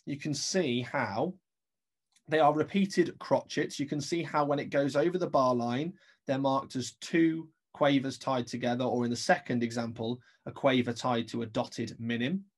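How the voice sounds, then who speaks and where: A man's voice: medium pitch, normal speed, breathy edge. A man teaching an English-accented remote music lesson, explaining step by step and counting beats aloud.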